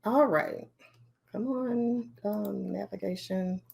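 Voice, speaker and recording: A woman leading a conference training session on learning design, talking in a lively, chatty way with many fillers and asides. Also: mid-range voice, slow pace, vocal fry, slightly rough.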